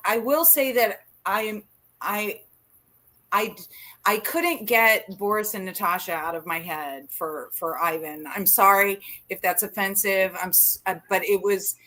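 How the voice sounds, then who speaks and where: Slow, bright-voiced woman podcast host. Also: medium pitch. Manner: joking, lingers over words. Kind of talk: casual podcast conversation.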